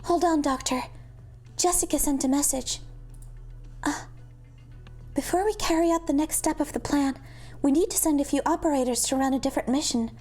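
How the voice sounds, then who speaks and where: A woman voicing a spirited young female soldier scout with a Yankee accent, giving brisk reports. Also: sits high, a little mellow, soft background music, voice pushed up, close to an everyday voice. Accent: American Yankee.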